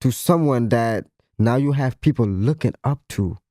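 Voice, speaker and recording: A man's voice: medium pitch, moderate pace, warm tone, dry recording, clean studio sound. A man on a casual podcast, speaking earnestly and repeating phrases for emphasis. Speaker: podcast co-host.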